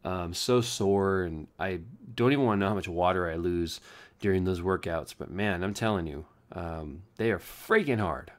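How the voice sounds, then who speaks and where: A tired young man rambling through a low-energy daily vlog from home, joking at his own expense. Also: normal speed. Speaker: vlogger.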